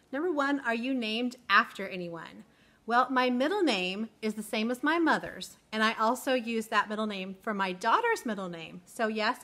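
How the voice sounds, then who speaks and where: Bright-voiced chatty woman teacher. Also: fairly high pitch. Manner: chatty, candid, sentimental. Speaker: teacher vlogger. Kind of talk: casual get-to-know-me chat.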